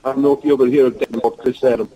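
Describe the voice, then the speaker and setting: Speaking rapid-fire in broken English, a Russian-accented man spins rambling stories as an interview guest over the phone, voicing quotes animatedly. His pitch is medium, and the recording sounds rough.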